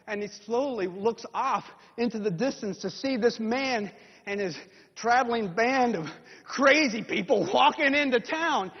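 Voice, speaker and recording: A man preaching a sermon as a dramatic story, acting it out and swinging from hushed whispers to shouted calls. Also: high-pitched, animated, measured pace, husky. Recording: dull lo-fi recording in a reverberant hall.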